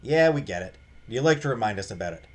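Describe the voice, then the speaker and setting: A man's voice: on the low side, expressive, quick pace, a little mellow. Man voicing a sarcastic bossy explorer woman. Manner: sarcastic, cutting.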